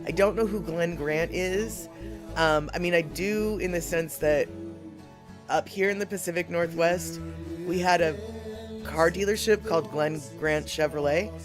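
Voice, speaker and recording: A man chats casually as a stream host, rambling and restarting his thoughts. His voice sits a little high. Guitar music plays clearly underneath. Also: measured pace. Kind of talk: casual reaction commentary.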